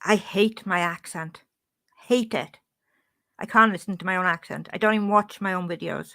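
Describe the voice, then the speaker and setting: A woman's voice: lowish voice, normal speed, sharp tone. A woman with a Welsh accent chatting casually on a live stream, reading out and answering her chat.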